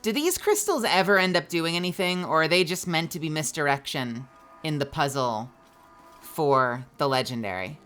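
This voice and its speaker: A woman's voice: deep voice, animated, normal speed, a bit bright, soft background music. A woman streamer chatting casually over her gameplay, rambling and jokey and laughing often.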